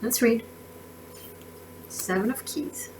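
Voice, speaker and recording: A woman's voice: a little high, slow pace, a little mellow, a little hiss or hum, poor audio. Effusive woman doing a tarot reading. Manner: effusive, emotional, with many restarts and laughs. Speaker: tarot reader.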